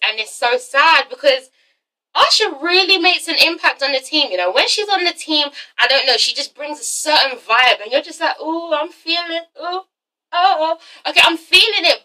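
A young woman with a high, bright voice, casually reviewing a TV episode for her vlog. She is sassy and swears freely, tagging nearly every point with a pointed "okay?". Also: moderate pace, poor audio. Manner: sassy, profane, tags lines with "okay?".

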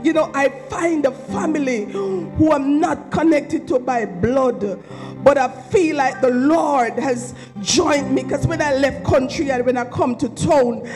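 A woman's voice: high voice, a little slow, over music, rough recording. Woman giving a tearful, rambling tribute. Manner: rambling, heartfelt, preacherly. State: emotional, near tears. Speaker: eulogy speaker at a memorial service. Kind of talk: emotional spoken tribute.

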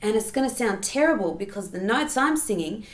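A woman's voice: mid-range voice, expressive, brisk, reverberant. A woman giving a singing lesson, explaining step by step and breaking into sung examples. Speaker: singing teacher.

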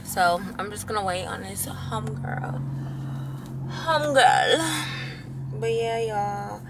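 A woman's voice: mid-range voice, steady tone, a little slow. A young woman vlogging casually from her car, rambling in a chatty, slangy way and laughing often. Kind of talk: casual vlog chat. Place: in a car, driving and parked outside. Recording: traffic and car noise behind.

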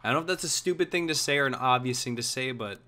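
A young man streaming, chatting casually and joking while he plays, his voice hoarse. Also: medium pitch, quick pace, faint music behind. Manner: lively, chatty, jokey. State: hoarse, coughing. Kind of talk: casual chat while gaming.

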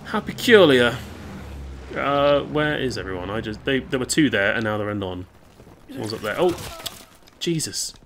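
A man's voice: medium pitch, sing-song, moderate pace, long pauses, a bit bright, slight background noise. A young man chatting casually and rambling over gameplay, swearing and reacting aloud to the game. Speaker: gaming YouTuber.

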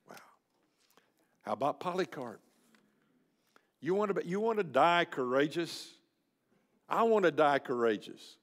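A man's voice: a little high, very animated, measured pace, long pauses. Older man preaching bluntly in a hall. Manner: folksy, blunt, emphatic preaching. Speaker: speaker at a men's luncheon. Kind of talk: sermon. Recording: reverberant hall.

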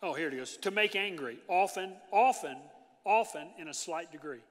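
A man preaching a sermon as pastor, in an animated, conversational way with frequent asides to the congregation. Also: sits high, normal speed. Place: large church hall. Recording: long church hall reverb.

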